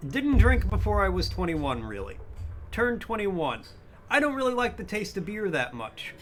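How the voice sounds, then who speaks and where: Young male streamer, casual, self-amused, slightly high voice. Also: very animated, normal speed, a bit bright, slight background noise. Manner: chatty, self-amused, thinks aloud. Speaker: game streamer. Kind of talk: casual let's-play chat.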